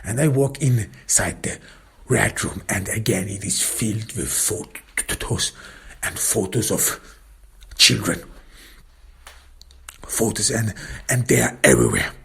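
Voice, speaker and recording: A man narrates a grim first-person crime tale, intense and hushed, often sliding into whispers. His voice is deep-set, husky and heavily gravelly. He takes his time over every phrase. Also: lively intonation, slow pace, long pauses. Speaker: storyteller.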